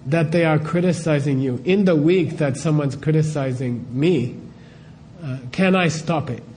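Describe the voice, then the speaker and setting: This middle-aged spiritual teacher has a slightly high, mellow voice and a casual, chatty delivery full of rhetorical questions. A faint hiss or hum can be heard.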